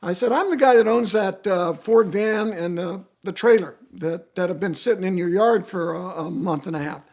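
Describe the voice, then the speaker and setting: High-voiced man telling a racing story. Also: normal speed. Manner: animated storytelling with swings in pitch and volume. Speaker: guest storyteller, racer. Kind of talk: casual anecdote.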